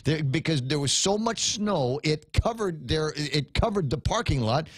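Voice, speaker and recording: Rambling morning radio host, dry studio sound. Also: male voice, fairly high pitch, lively intonation, no echo. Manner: rambling, halting, many fillers and restarts. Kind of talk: casual morning radio talk.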